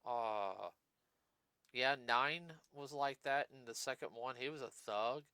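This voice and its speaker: A man's voice: mid-range voice, slow, sharp tone, clear, resonant tone, no room sound. A man hosting a casual podcast, rambling through his points with plenty of fillers and restarts. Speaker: podcast host.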